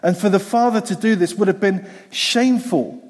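A man's voice: high-pitched, moderate pace, darkish tone. A man preaching a sermon in a conversational way, repeating phrases for emphasis. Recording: long hall reverb.

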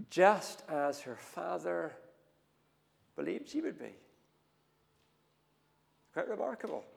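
A man preaching a sermon, telling the story with animated swings between hushed and loud delivery. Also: medium pitch, creaky. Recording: long hall reverb.

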